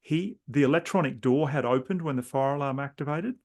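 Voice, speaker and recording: Male host, gravelly voice, meandering reflective chat, conversational interview tone. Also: mid-range voice, fairly quick, a little mellow. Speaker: podcast host.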